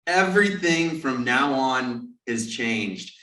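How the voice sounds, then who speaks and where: A man's voice: mid-range voice, expressive, slow, pushed and bright. Male podcast host, storytelling, acts out quotes, echoey room, distant mic. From California. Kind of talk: storytelling in casual interview.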